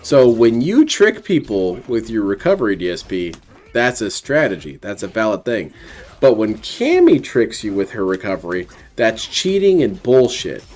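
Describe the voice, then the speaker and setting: A man's voice: fairly low pitch, very animated, normal speed, darkish tone. A man hosting a stream, making mocking, dry jabs while commenting over someone else's gameplay. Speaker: host commenting on a replayed stream. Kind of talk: sarcastic live commentary.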